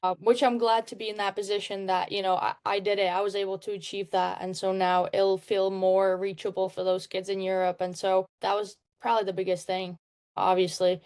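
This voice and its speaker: A woman's voice: medium pitch, level tone, fairly quick, darkish tone, clean tone. A young woman, a hockey player talking earnestly as an interview guest, at times searching for words. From Czech Republic. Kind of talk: casual interview.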